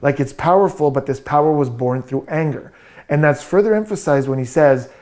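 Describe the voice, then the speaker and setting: Man, body language analyst, video commentary, slightly raised pitch, confident explanatory delivery. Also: darkish tone. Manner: explanatory, confident, quick bursts.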